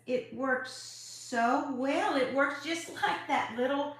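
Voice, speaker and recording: Speaking slowly in a high voice, a woman leads a live crafting tutorial, warmly greeting viewers by name in a chatty, effusive way. Her voice echoes heavily around the room.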